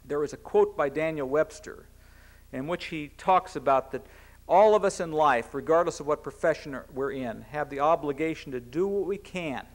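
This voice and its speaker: A middle-aged American man, a cabinet secretary, giving a formal public speech in an earnest, measured way with a few restarts. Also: a little high. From United States.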